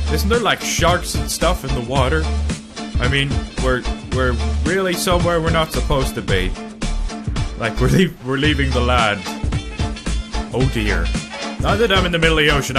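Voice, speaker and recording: A man giving excitable gameplay commentary, often yelling and laughing. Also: on the high side. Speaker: gaming channel host.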